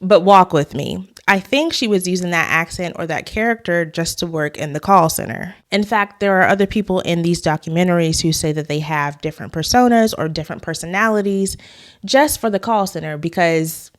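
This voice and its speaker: A woman's voice: on the low side, a little fast. A woman hosting a commentary vlog, talking conversationally and giving her opinions straight to the viewers. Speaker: YouTube host.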